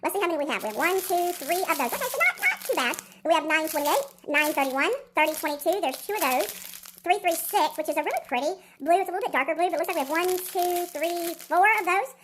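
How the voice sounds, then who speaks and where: A woman's voice: very high voice, quick pace, slight background noise. A woman chatting and counting aloud as she unboxes a craft kit, her voice sped up into chipmunk playback. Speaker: diamond painting vlogger. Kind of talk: casual unboxing chat.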